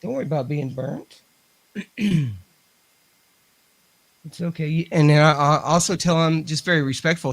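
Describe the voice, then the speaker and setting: A man's voice: fairly high pitch, normal speed, creaky, pauses often, no echo. A man, chatting on a radio show as a ghost hunter and talking to spirits. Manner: talks to spirits and equipment, chatty. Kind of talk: casual radio show chat.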